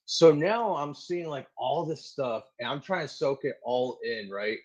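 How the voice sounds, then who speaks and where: Animated, profane Marine man telling stories. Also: medium pitch, measured pace, low-quality recording. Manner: animated, swears freely, acts out quoted people. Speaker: Marine gunnery sergeant, podcast guest. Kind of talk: casual interview storytelling.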